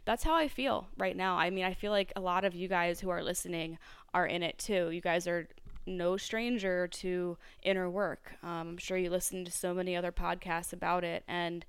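A woman's voice: on the low side, steady tone, normal speed, clean tone, no room sound. A woman hosting a solo podcast, talking reflectively with lots of fillers and restarts. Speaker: podcast host.

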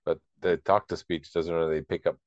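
A deep-voiced man co-hosting a podcast, chatty and quick to laugh. His audio sounds dry and somewhat muffled, as if on a lo-fi mic in a dead room. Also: flat delivery, no room sound. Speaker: podcast co-host. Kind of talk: casual chat.

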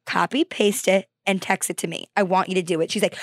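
A young adult woman co-hosting a podcast, expressive and exasperated as she retells family stories in casual chat. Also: medium pitch, quick pace, no room sound, studio quality. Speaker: podcast co-host.

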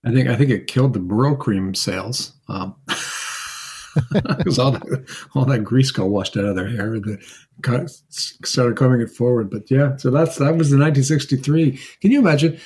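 A man's voice: medium pitch, normal speed, darkish tone, breathy edge. A man co-hosting a casual music podcast, chatty, laughing and repeating himself. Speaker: podcast co-host. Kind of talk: casual chat.

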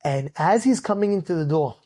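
A man who is a rabbi telling an inspirational story in a sermon, animated and dramatic, acting out the characters and rising to shouts at the peaks. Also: fairly high pitch, a little fast.

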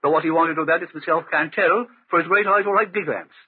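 A man's voice: a little high, fast talker, breathy edge. An actor with an Irish accent playing a jumpy, superstitious male valet in a 1940s radio drama, speaking in a lilting, deferential way. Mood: earnest. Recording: tinny old radio recording.

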